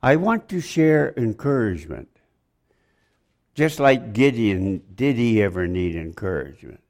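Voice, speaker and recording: A man preaching a sermon, rambling, joking with the congregation and asking them questions. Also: deep voice.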